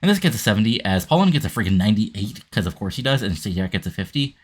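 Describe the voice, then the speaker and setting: A man's voice: on the low side, very animated, quick pace, slightly rough. A man casually narrating a wrestling game playthrough, rambling with lots of fillers. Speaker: game commentator. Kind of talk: casual let's-play narration.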